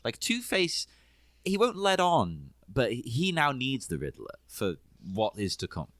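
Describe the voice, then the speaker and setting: A man's voice: mid-range voice, wildly swooping pitch, measured pace, fairly bright tone, no room sound. A man talking enthusiastically in a casual film podcast chat. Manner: enthusiastic, laughs often.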